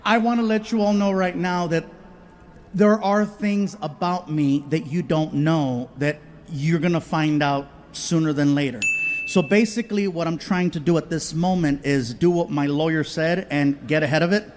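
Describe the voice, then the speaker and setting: A man from the United States doing animated stand-up storytelling on a live comedy stage, acting out voices and swinging between loud and soft. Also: a little high, normal speed, slight background noise.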